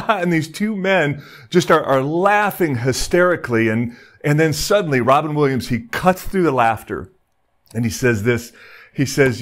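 A man's voice: on the high side, lively intonation, moderate pace. A male pastor giving a casual, joking sermon to his congregation, full of filler words and restarts. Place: church service broadcast.

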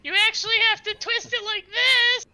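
A woman voicing a cheerful male goblin fighter, squeaky and shrill, talking in a blunt, gleeful way. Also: fairly even intonation, moderate pace, heavy background noise.

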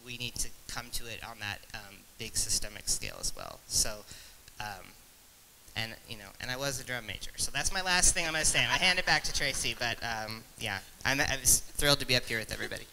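A man in his forties from Nebraska, speaking as a panelist at a conference in a reflective, halting way with many fillers. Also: mid-range voice, animated, vocal fry, bright, forceful tone, a little hiss or hum, poor audio. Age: 40s.

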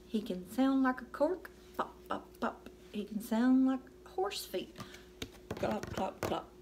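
A woman's voice: high voice, big pitch swings, slow pace, a little mellow, a little hiss or hum. A woman reading a picture book aloud to children, playfully acting out animal sounds and coaxing her young listeners to join in. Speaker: storytime reader.

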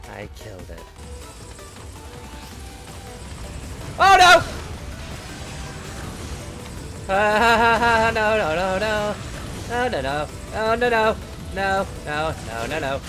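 A man's voice: high voice, heavily acted. A man playing a symmetry-obsessed young male reaper, giving short-tempered gameplay commentary and swearing at the game. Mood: annoyed, playful. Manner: easily agitated, swears and yells at the game. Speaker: gamer playing in character. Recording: game music playing behind the voice.

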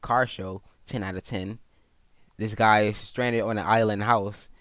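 A man hosting a gaming video, giving playful, jokey let's-play commentary that jumps into high, excited squeals. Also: unhurried, no echo.

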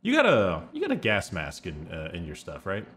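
Casting: male co-host, low deep voice, halting, filler-heavy storyteller. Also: wildly swooping pitch, fairly bright tone. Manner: hesitant, many fillers and restarts while storytelling. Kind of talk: casual podcast chat.

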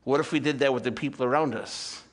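A man in his fifties preaching a sermon to a church congregation, swinging between loud emphatic peaks and quiet asides, with rhetorical questions and calls for amen. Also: medium pitch, steady tone, quick pace. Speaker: pastor.

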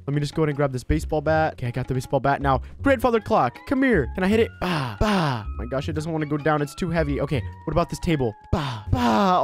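A man giving excitable let's play commentary, narrating his own moves in the first person with frequent exclamations. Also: high voice. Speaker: gaming video creator.

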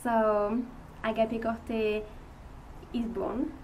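Young French-accented woman, mission leader, unhurried and hesitant, mic at a distance with faint background noise. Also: on the high side, flat delivery, darkish tone. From France. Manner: hesitant, many fillers, earnest. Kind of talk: testimony to supporters.

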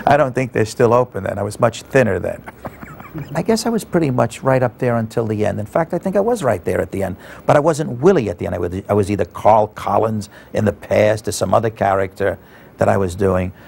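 Low-voiced, gravelly male actor, loose and rambling. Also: lively intonation, brisk, darkish tone. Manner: rambling, chuckling. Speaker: actor recalling a TV series. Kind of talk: anecdotal reminiscence.

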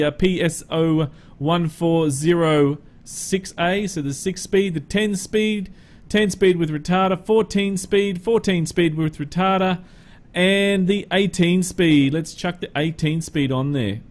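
Easygoing Australian man, slightly high voice. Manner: chatty, easygoing, many filler pauses. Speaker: game mod reviewer. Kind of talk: casual gameplay commentary.

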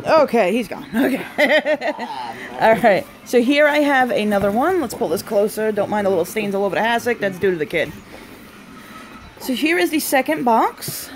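Chatty, excitable young woman unboxing live. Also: mid-range voice, a little hiss or hum. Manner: chatty and excitable, frequent delighted exclamations; breaks off to talk to family off camera. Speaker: unboxing vlogger hosting a live stream. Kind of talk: casual live unboxing chat.

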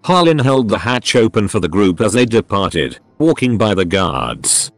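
Low synthetic male story narrator. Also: normal speed, no echo. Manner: flat synthetic delivery reading all parts alike. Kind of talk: text-to-speech story reading.

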